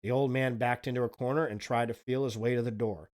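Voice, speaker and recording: A man hosting a livestream, telling spooky folk legends in a relaxed, chatty way and swearing casually. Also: mid-range voice, brisk, few pauses. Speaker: streamer, host.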